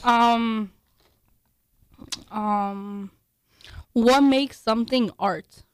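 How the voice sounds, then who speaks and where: A woman's voice: on the high side, fairly even intonation, extremely slow, clean tone, no echo, clean studio sound. A woman co-hosting a casual chat, talking hesitantly with many restarts and ums. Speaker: podcast co-host.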